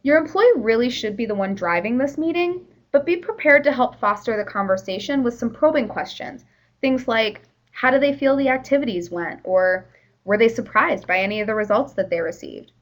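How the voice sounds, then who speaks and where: A woman's voice: a little high, expressive, moderate pace, low-quality recording. A woman presenting a workplace training session in a conversational, explanatory way, with the odd "you know".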